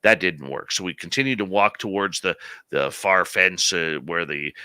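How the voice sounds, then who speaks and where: A man in his late forties hosting a live radio show, telling a story in an animated, conversational way. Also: low voice, moderate pace, smooth, dry recording. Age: late 40s.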